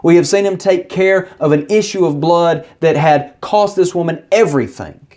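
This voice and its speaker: A man's voice: fairly high pitch, moderate pace, darkish tone. A man narrating a Bible passage as a short lesson, retelling the story earnestly and briefly voicing the people in it. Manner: earnest storytelling, acting out quoted speech. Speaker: Bible teacher. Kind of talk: scripted Bible study narration.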